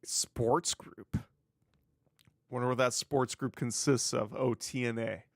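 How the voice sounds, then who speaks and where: On his own wrestling news show, a man chats casually solo, sarcastic and swearing freely. His voice is medium-pitched and creaky, level in tone, at normal speed. The clean studio recording has no room sound.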